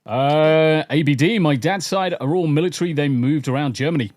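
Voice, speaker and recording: A man's voice: on the high side, moderate pace, a little mellow, no room sound. A man from the English Midlands hosting a podcast, his accent a blend of Southern, Northern, Midlands and Essex, chatting casually, swearing now and then and repeating his phrases. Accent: mixed English, part Southern, Northern, Midlands and Essex. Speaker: podcast host.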